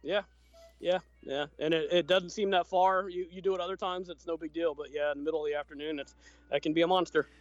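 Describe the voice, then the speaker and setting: High-voiced man on a dull, dry mic. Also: fairly even intonation, quick pace, no room sound. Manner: easygoing, explanatory, laughs often. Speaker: podcast co-host. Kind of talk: casual chat.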